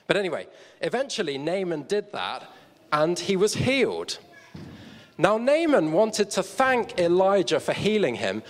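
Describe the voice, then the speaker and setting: A man preaching a sermon on stage, telling a story with props and chatty asides to the audience. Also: high voice. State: out of breath. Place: church hall stage. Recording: long hall reverb.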